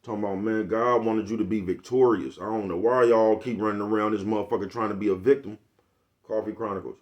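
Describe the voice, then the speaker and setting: A man's voice: fairly low pitch, fairly even intonation, fast, a little mellow, highs cut off. Blunt older man preaching tough love. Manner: blunt, preachy, profane street talk. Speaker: vlogger. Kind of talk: casual motivational monologue.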